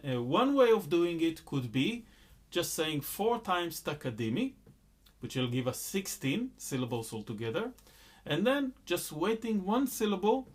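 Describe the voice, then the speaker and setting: Slow, patient male rhythm teacher. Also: fairly high pitch. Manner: slow, patient explaining, loud chanted counts and rhythm syllables. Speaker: music teacher. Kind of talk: rhythm lesson with spoken counting and syllables.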